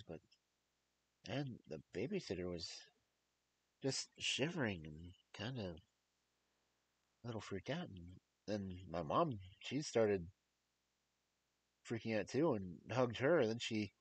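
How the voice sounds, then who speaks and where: Low-voiced male storyteller, casual and rambling. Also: breathy edge, low-quality recording. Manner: rambling, with many fillers and restarts.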